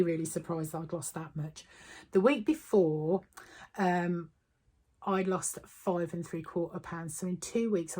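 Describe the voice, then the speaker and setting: Husky, chatty woman vlogging. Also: deep voice. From United Kingdom. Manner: chatty and upbeat, with frequent ums. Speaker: weight-loss vlogger. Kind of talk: casual chat to camera.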